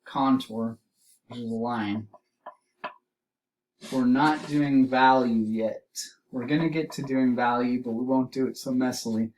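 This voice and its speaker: A man teaching an art lesson, explaining drawing steps and repeating key terms slowly as he demonstrates. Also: mid-range voice, fairly even intonation, a little mellow, far from the mic, a little hiss or hum, low-quality recording.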